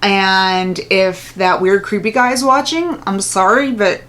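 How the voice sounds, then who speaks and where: A woman's voice: mid-range voice, a little slow, a bit bright. A woman vlogger telling a story in a casual, chatty way, full of fillers and little laughs.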